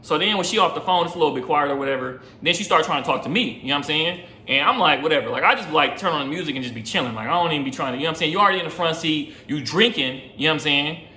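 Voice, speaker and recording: A man's voice: on the high side, lively intonation, racing, sharp tone, echoey room, a little hiss or hum. A young man, a rideshare driver, telling a rambling, slangy story in casual chat, often asking "you know what I'm saying".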